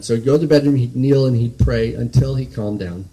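A man's voice: mid-range voice, a little fast, dark tone, poor audio. A man preaching a sermon in an earnest, conversational way, often restarting and checking in with "right?".

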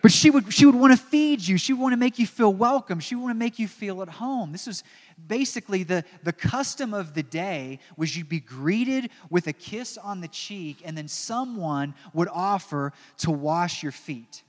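A man preaching in a church with a fairly high voice, telling the story dramatically with joking asides. His words ring out in a long reverb. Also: animated, normal speed. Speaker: pastor. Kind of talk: sermon.

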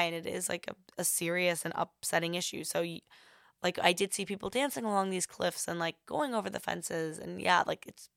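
Gravelly young woman telling a story. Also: medium pitch, fairly bright tone, dry recording, studio quality. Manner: rambling, heavy on filler words. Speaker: podcast host. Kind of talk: casual storytelling.

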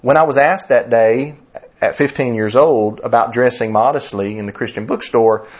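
A man's voice: mid-range voice, fairly even intonation, normal speed, breathy edge. A man in his thirties, a pastor preaching a conversational sermon, telling stories and asking rhetorical questions, often restarting his words.

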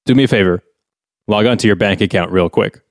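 A man's voice: lowish voice, fairly quick, dry recording, clean studio sound. A man hosting a comedy podcast, incredulous and exasperated at his co-host in an improvised bit.

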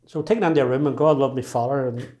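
A man in his sixties with a Derry accent talks in a mellow, darkish voice at a middling pitch. He speaks emphatically, often restarting his sentences as he tells his own story. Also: fast talker. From Northern Ireland. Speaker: interviewee. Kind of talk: personal storytelling.

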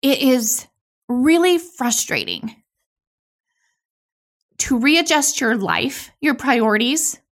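A woman in her thirties hosting a podcast, talking candidly and emotionally in a raw, halting way with frequent restarts. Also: high-pitched, big pitch swings. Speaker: podcast host. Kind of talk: candid solo podcast monologue.

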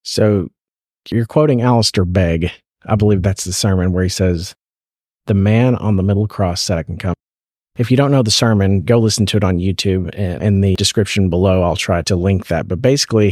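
A man's voice: low-pitched, darkish tone, breathy edge, no echo, clean studio sound. A man hosting a faith podcast, asking earnest questions and quoting scripture in casual conversation. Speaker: podcast host, parent.

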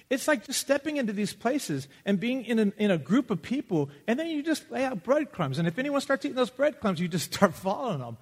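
Speaking fast with few pauses, this Texas pastor has a husky voice that sits high. His sermon unfolds as conversational, animated storytelling in which he performs the quotes, echoing with a large hall's long reverb.

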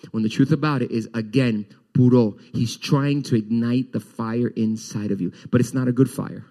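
A pastor preaching on a Sunday morning, a man with a mid-range voice who gets animated and repeats words for emphasis. He acts out the questions he imagines from his listeners. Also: medium pitch, moderate pace, hardly any pauses. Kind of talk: sermon.

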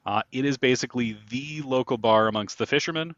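A man narrating a tabletop game as game master, relaxed and hesitant, with many pauses. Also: medium pitch, dry recording, lo-fi sound.

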